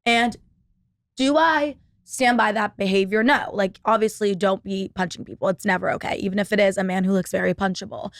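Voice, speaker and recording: A young woman talks through a casual solo podcast, drifting from story to story with endless "like"s and plenty of swearing. Her voice sits at an ordinary middle pitch, recorded close and dry with no room sound. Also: fairly even intonation, a little fast, dry recording. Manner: rambling, profane, lots of "like" fillers. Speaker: podcast host. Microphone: laptop setup.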